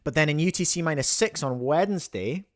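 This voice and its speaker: A man's voice: a little high, lively intonation, brisk. Rambling New man hosting a stream. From New Zealand. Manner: rambling, self-interrupting, jokey. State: chewing while talking. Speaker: livestream host. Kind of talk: casual livestream chat.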